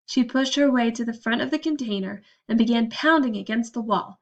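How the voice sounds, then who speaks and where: A woman narrating a children's storybook with a steady, expressive reading. Her voice is fairly high. The recording comes through slightly muffled. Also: normal speed, few pauses. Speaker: audiobook narrator.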